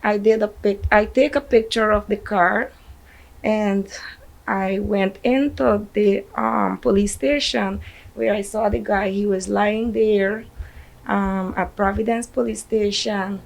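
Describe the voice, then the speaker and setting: A woman's voice: medium pitch, steady tone, gravelly, low-quality recording. A woman with a Guyanese accent, a grieving mother telling a news reporter how she learned of her son's death, in distressed bursts. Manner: distressed, recounting events in rushed bursts. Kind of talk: emotional news interview.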